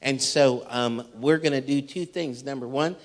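A man, a pastor addressing his church in sermon style and punctuating his lines with amen and hallelujah. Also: normal speed. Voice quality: squeaky. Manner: peppers talk with amen and hallelujah. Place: church sanctuary.

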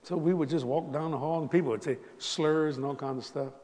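An older man from South Louisiana with a Cajun accent, preaching a folksy storytelling sermon, animated and laughing as he tells stories. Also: on the high side, a little fast, long reverb tail. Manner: animated, laughing, Southern drawl, rising to exclamations.

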